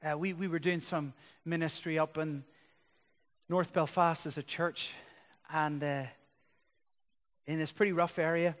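A man preaching a sermon as a pastor, building to loud, impassioned passages. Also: fairly high pitch, level tone, a little slow. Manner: impassioned preaching that swells louder. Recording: long reverb of a large hall.

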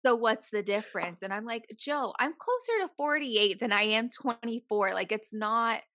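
A woman's voice: a little high, expressive, normal speed, bright, forceful tone, no room sound, studio quality. A woman co-hosting a podcast, chatting casually with playful, jokey reactions. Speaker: podcast co-host. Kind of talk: casual chat.

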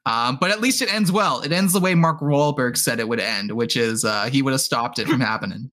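Male podcast co-host, bright tone, relaxed storyteller with dry asides. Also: mid-range voice, a little fast. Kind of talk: casual chat.

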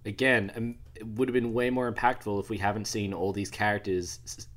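A man's voice: lowish voice, level tone, fairly quick. Exasperated man ranting casually. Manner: exasperated ranting, swears freely. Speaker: podcast co-host. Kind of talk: casual chat.

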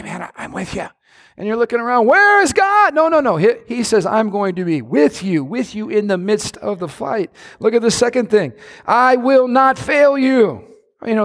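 Male pastor, middle-aged, high-pitched voice, animated preaching style that jumps from shouts to near-whispers. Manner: animated, swings between shouts and hushed asides. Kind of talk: sermon.

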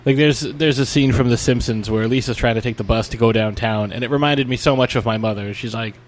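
A man's voice: medium pitch, fast talker. A man co-hosting a podcast, telling a story in a rambling, casual way, with many restarts and fillers. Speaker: podcast co-host.

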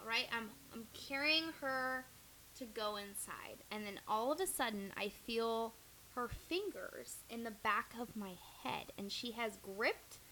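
On a low-quality recording with slight background noise, a young podcast co-host with a slightly high voice shares a casual story. She's expressive and profane, performing the lines other people said.

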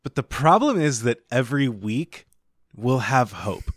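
A man co-hosting a podcast, rambling through joking pitches in casual chat. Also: big pitch swings, a little slow, slightly rough, dry recording, studio quality. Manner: rambling, riffing on mock show ideas. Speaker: podcast co-host.

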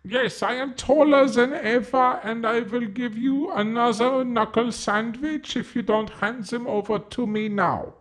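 A woman's voice: on the high side, a little slow, hardly any pauses, natural voice. A woman voicing a fierce, protective forest spirit who mothers a brood of talking mushrooms, speaking in a solemn, threatening way.

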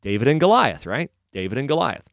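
A man gives a casual Christian reflection in a conversational voice. His mid-range pitch rises and falls a lot as he tells a story. The sound is dry and close, with little room. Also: big pitch swings, fairly quick, vocal fry, no echo. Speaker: Christian commentator. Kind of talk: casual faith talk.

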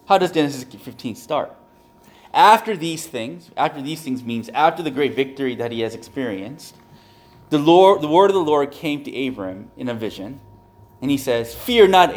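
A man, a pastor, preaching a conversational sermon, animated and repeating phrases for emphasis. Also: medium pitch, moderate pace.

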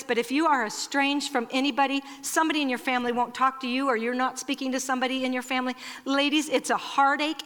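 Brief: lively Iowa woman, warmly chatty speaker at a ladies' church event, a bit high, bright tone, hall reverb. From Iowa, USA. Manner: lively, chatty, addresses the audience directly. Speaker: speaker at a women's church Christmas gathering. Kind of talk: storytelling talk and prayer to an audience. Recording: long reverb in a large hall.

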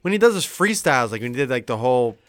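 A young man co-hosting a casual podcast chat, laid-back and halting, with plenty of swearing. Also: medium pitch, very animated, a bit bright, no room sound, clean studio sound. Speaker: podcast co-host.

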